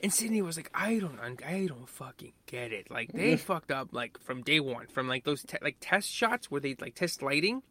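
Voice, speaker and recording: A man's voice: fairly high pitch, sing-song, moderate pace, hardly any pauses, pushed and bright, a little hiss or hum. A man in casual chat about a film, talking animatedly, swearing freely and acting out the characters' lines.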